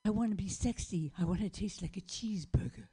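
A woman putting on a pouty sexy beet lady, low breathy whine, bit quieter. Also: brisk. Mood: sulky. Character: sulky vain female beet longing to be sexy.

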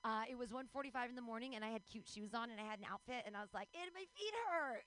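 A woman's voice: a little high, fairly even intonation, very fast, a bit bright, smooth, low-quality recording. A woman in her forties doing a bawdy, self-mocking stand-up set, breaking into squealing voices. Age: 40s. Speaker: stand-up comedian.

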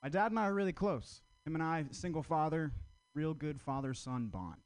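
A man's voice: on the high side, expressive, normal speed, no echo. Dry one-liner comic, man. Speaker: stand-up comedian. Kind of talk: deadpan one-liner stand-up.

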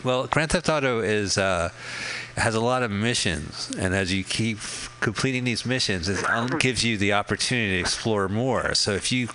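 A man's voice: fairly low pitch, normal speed, sharp tone, rough recording. A man hosting a casual radio chat, joking and rambling about a film he is watching, swearing freely. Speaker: host. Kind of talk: casual movie commentary chat.

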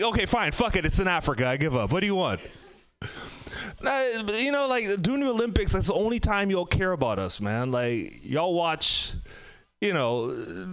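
A man from Trinidad and Tobago doing a stand-up comedy set, telling loud, profane stories in an animated way. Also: a little high, smooth.

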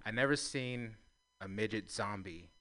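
A man's voice: on the low side, unhurried, very noisy. A man doing a stand-up comedy set, crude and self-deprecating, laughing at his own jokes. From San Francisco.

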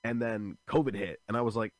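A young man who does stand-up comedy. He is a guest in an interview and tells animated stories with many restarts. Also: fairly low pitch, a little fast, dry recording. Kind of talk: casual interview chat.

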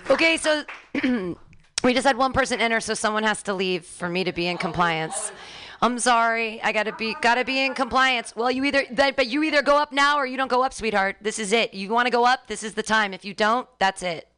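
A woman emceeing an open mic, managing the room briskly and bossily. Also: fairly high pitch, pushed and bright, a little hiss or hum. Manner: brisk, bossy crowd management.

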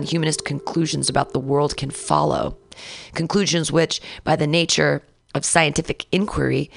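A young adult woman, a comedian hosting a podcast, who reads texts aloud and breaks into sudden excited outbursts. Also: deep voice, vocal fry. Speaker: podcast host and stand-up comedian. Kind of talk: casual podcast reading and commentary.

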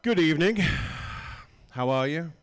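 A man's voice: fairly high pitch, lively intonation, unhurried. A man from Britain with a British accent, performing a stand-up comedy set in a small bar, dry and self-mocking with stammering restarts.

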